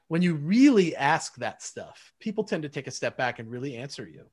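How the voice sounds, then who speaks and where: A man's voice: fairly high pitch, sing-song, brisk, hardly any pauses, a little mellow. A man in casual conversation who acts out quoted exchanges as he talks.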